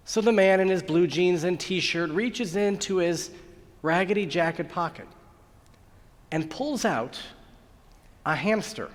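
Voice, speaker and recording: High-voiced rabbi in a reverberant hall. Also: male voice. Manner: storytelling, acts out the voices in the joke. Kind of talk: sermon with a told joke. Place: large synagogue sanctuary.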